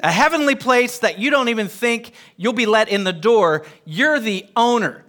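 A man's voice: very high-pitched, lively intonation, moderate pace, sharp tone. A man teaching a Bible lesson to a group, emphatic, often putting questions to his listeners.

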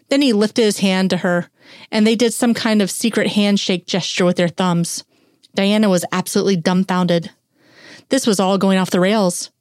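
Woman narrator for a fan fiction reading; steady, mid-range voice, dry and close. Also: mid-range voice, moderate pace, no echo.

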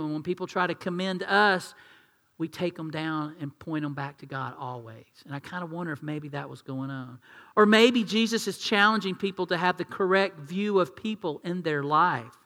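A male pastor delivers a sermon with a high, bright and forceful voice. He talks to the congregation in a chatty way, throwing questions at them. The sound carries a long reverb from a large church hall. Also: normal speed. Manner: conversational, asks the congregation questions, acts out quotes.

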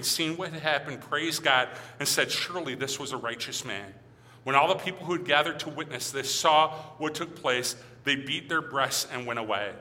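A man's voice: mid-range voice, pushed and bright. A middle-aged male minister preaching a sermon and reading scripture aloud, earnest and building to emphatic stresses. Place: church sanctuary. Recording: long hall reverb.

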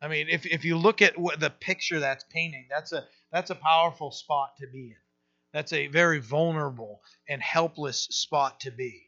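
A middle-aged male pastor gives a relaxed, conversational sermon, often restarting his sentences and filling pauses. His voice is bright and a little high, and the recording sounds dull and lo-fi. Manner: casual, halting, with many fillers and restarts.

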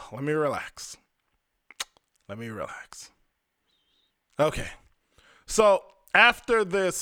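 A young man with a bright, forward voice, a little higher than most men, recounts his own story on a podcast. His talk is candid and profane and loose with "like". The sound is dry and close, with no room to it. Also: clear, resonant tone, dry recording. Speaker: podcast host. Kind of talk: personal storytelling monologue.

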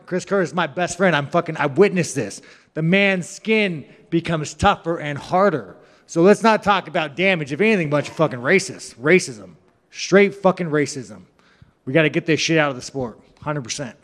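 A man, a professional fighter, giving rambling, profane, mocking answers to reporters. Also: a little high. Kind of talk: media scrum answers. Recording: reverberant room.

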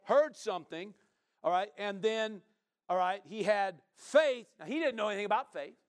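Male pastor, high voice, swooping lively pitch, animated sermon, questions to the congregation. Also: normal speed. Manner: animated preaching, with shouted peaks and many "amen"s and "hallelujah"s; chats with the congregation and asks members questions.

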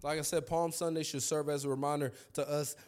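Male pastor, 30s, animated sermon storyteller with a slightly higher voice. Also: brisk, faint music behind.

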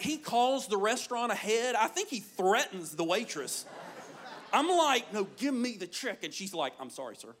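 A man preaching a sermon, telling stories with energy and acting out the voices of the people in them. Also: sits high. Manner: energetic, storytelling, acts out quoted voices. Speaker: pastor.

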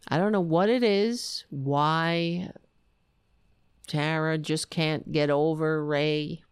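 Speaking slowly and smoothly in a low voice with fairly even intonation, a middle-aged woman runs a laid-back political livestream. She rants bluntly and talks with her viewers as well as her cats.

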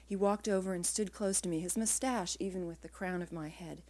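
A woman reads aloud from first-person prose she wrote herself, at a live literary reading. Her voice is lowish with a steady tone, and her reading stays measured and quiet.

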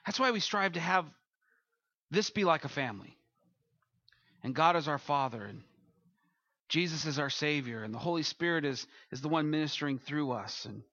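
A man's voice: fairly high pitch, fairly bright tone, no room sound, muffled recording. A man as pastor, preaching a sermon and leading a closing prayer, earnest and building to emphatic peaks.

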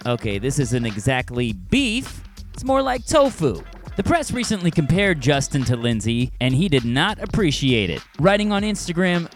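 A man's voice: fairly high pitch, very animated, moderate pace, soft background music. A man hosting a comedy podcast, delivering jokes playfully and chatting with a guest. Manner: jokey, playful delivery with put-on quotes. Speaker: podcast host. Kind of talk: comedic monologue and interview chat.

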